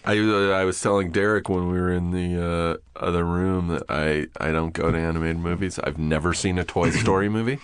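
A man's voice: sits low, fairly even intonation, a little fast, hardly any pauses, clean tone. A middle-aged man hosting a podcast, rambling in a laid-back way with some swearing. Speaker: podcast host. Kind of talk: casual chat.

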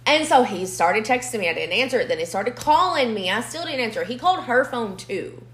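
A woman's voice: a little high, a little fast, crowd noise. Young woman telling a messy story, cusses a lot, echoey room. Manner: blunt, swears freely, animated storytelling. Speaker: podcast co-host. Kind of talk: casual storytelling chat.

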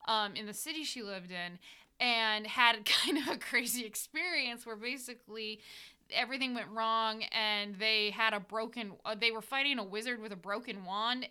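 A chatty American woman talks through her tabletop games in a loose, rambling way, laughing often as she goes. Her voice is bright and crisp, and sits a little high. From United States. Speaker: dungeon master and podcast host. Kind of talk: casual reflective podcast chat.

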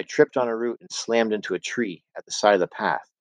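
A man reads a novel aloud in a deep, low voice, telling the story at a steady pace and voicing the dialogue as he goes. The sound is dry and close, with no room around it. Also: a little fast, no echo. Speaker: audiobook narrator. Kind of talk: scripted narration.

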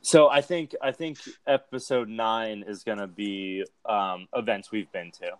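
A man's voice: on the low side, measured pace, clear, resonant tone, no echo. A man co-hosting a wrestling podcast, talking loosely and swearing freely in casual chat. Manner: laid-back, swears freely, loose rambling delivery. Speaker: podcast co-host.

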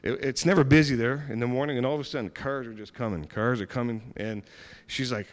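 Man telling an animated faith testimony. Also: mid-range voice, a little fast. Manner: lively retelling with many restarts and acted-out dialogue. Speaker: church member giving a testimony. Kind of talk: personal testimony storytelling.

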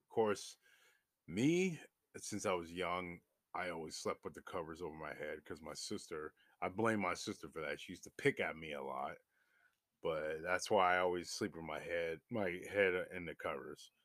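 A young man casually telling a story to his viewers, animated and swearing freely, his voice jumping up when he gets excited. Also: low voice, normal speed, dry recording, clean studio sound. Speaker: vlogger.

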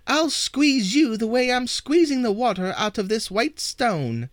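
A bold young farm boy from a folk tale shrieks back in a sharp, high voice, as a male narrator puts him on. The pitch jumps far above a plain reading voice, and the delivery is cocky and fearless. It is dry and close-miked. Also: lively intonation, a little slow, dry recording. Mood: defiant.

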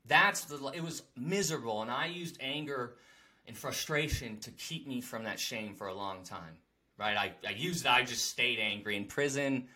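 A man talking openly and excitably in a heartfelt casual conversation. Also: mid-range voice, moderate pace. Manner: excitable and animated.

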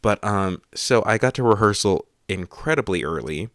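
A man's voice: lowish voice, normal speed, no room sound, clean studio sound. A young man co-hosting a podcast, telling a story with a lot of laughing. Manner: animated storyteller, laughs often. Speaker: podcast co-host. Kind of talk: casual chat.

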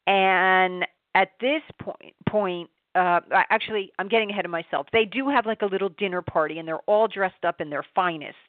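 A woman giving a chatty, animated film review, restarting her sentences often. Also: fairly low pitch, moderate pace, few pauses, no room sound. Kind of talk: casual spoken film review. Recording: dry, tinny phone-like sound.

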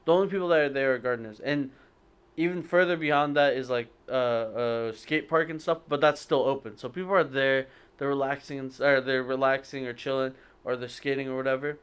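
A man's voice: medium pitch, steady tone, brisk, a bit bright, clean tone. A young man telling a long story to friends, rambling and hesitant, with lots of fillers and self-corrections. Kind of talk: casual storytelling among friends.

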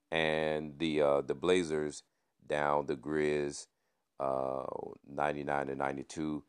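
A man's voice: rumbling low, level tone, takes it slowly, clear, resonant tone. A man hosting a podcast, giving a casual news and sports recap in a laid-back way, peppering his talk with "man" and playful wordplay. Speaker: podcast host.

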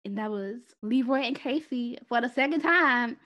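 A woman's voice: on the high side, moderate pace, a bit bright. A woman co-hosting a podcast, chatting casually and laughing often as she recaps. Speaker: podcast co-host. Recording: dull lo-fi audio.

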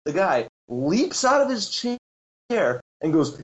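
Heavy background noise surrounds a high-pitched man speaking fairly quickly. A Magic tournament player appearing on a relaxed podcast, he tells a story animatedly, mimicking others' words and laughing frequently.

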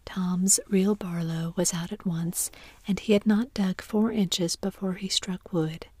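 A woman reads a story in a soft, breathy whisper as a whispered role-play. Her tone is mellow and dark, and the sound is very close and dry. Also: fairly low pitch, measured pace, no echo. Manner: soft, even whispered reading.

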